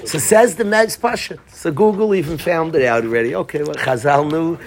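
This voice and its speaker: A man's voice: fairly high pitch, brisk. A man teaching a Torah class, telling a story and quizzing his students by name.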